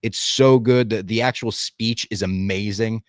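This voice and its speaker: A man's voice: lowish voice, steady tone, a little slow, no room sound, clean studio sound. A man in casual podcast chat, talking with enthusiasm, swearing freely and acting out lines he quotes. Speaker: podcast co-host.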